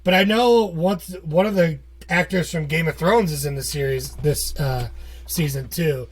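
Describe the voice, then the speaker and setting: A man's voice: on the high side, a little slow, a little hiss or hum. A man co-hosting a podcast, chatting casually, rambling and joking with frequent laughs. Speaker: podcast co-host. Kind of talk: casual chat.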